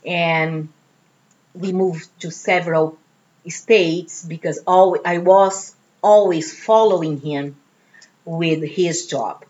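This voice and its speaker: A middle-aged woman from Brazil speaks English with a clear Brazilian Portuguese accent, lively and chatty with a self-deprecating streak. Her voice sits low for a woman. The recording sounds dull and lo-fi. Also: slow pace. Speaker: franchise business owner. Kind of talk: casual interview.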